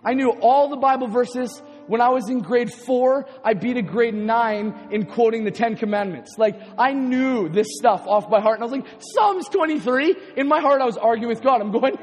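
A man with a very high voice from Canada tells a sermon testimony, full of animated storytelling and acted-out quotes. His voice rings with a long reverb in a big hall. Soft music plays faintly underneath. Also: normal speed. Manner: animated storytelling, acting out his own quotes, laughing often. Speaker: preacher.

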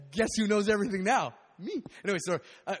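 A man preaching a sermon, animated and acting out the voices of the people in the story. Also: sits high, fast, breathy edge. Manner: animated, acts out biblical voices. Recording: long hall reverb.

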